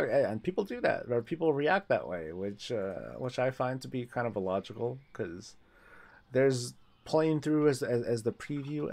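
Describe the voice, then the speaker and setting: On a gaming livestream, a man with a mid-range voice chats casually, rambling, restarting sentences and laughing often.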